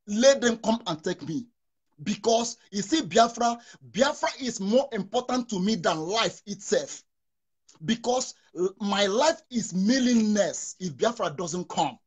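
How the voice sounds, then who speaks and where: Husky man on a remote call. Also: high voice. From Nigeria. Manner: fervent, repeats words, restarts often. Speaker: guest. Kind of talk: impassioned talk show discussion. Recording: interrupted remote call connection.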